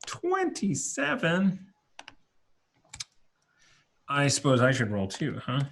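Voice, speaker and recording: A man's voice: mid-range voice, normal speed, pushed and bright, slight background noise. A man narrating as dungeon master for a tabletop game, loose and chatty, with lots of fillers and restarts.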